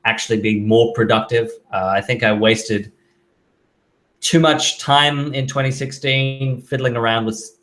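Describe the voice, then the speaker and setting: A man whose voice sits on the low side, with a fairly bright tone, hosts a casual live stream. Viewer questions get read aloud from chat, then answered loosely and chattily, with fillers.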